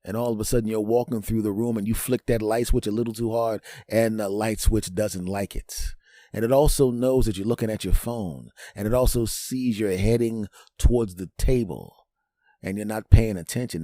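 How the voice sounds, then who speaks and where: A man hosting a show, telling a comedic monologue with animated delivery, sudden pitch jumps and frequent asides asking "right?". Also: moderate pace, no room sound, studio quality. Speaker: host.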